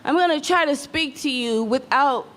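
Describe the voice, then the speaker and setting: A woman's voice: high voice, normal speed, a bit bright. A grieving mother speaking heartfelt words to a gathering, fighting to stay composed. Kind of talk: emotional public statement.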